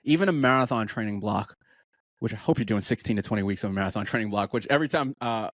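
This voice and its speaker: On a casual podcast, a thirtysomething running coach shares animated stories and imitates the things his runners say. His voice is fairly low and his pace quick, in clean studio-quality audio with no echo.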